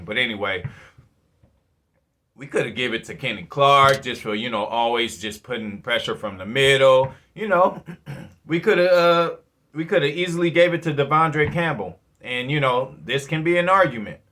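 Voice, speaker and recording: A man hosting his own fan channel, giving casual football commentary in a profane, rambling, animated way. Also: medium pitch, moderate pace. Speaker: sports fan channel host.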